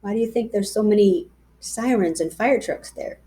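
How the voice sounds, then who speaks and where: A woman reading a children's chapter book aloud in a playful, lively voice. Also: mid-range voice, normal speed. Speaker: reader. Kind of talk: storybook read-aloud.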